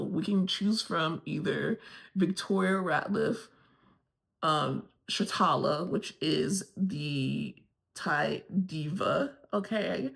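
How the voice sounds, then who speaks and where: A woman's voice: fairly low pitch, vocal fry. A woman from Florida giving a candid, gossipy recap of a TV episode and swearing casually along the way. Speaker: TV review vlogger.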